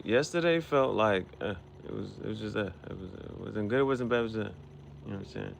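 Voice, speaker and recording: A man with a low, deep voice talks to the camera in a loose, rambling way. He circles back over the same phrases and tosses in bits of other languages as he goes. There is a faint hum of noise behind him. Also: brisk, vocal fry. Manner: rambling, repeats himself, drops in foreign words. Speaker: podcast host. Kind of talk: casual rambling monologue.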